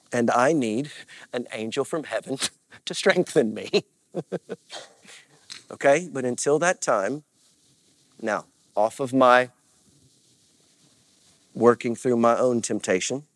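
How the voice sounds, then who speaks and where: A man's voice: mid-range voice, no echo. A man preaching as a pastor, earnest and confessional, with repeated phrases and rising bursts of emphasis. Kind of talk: sermon.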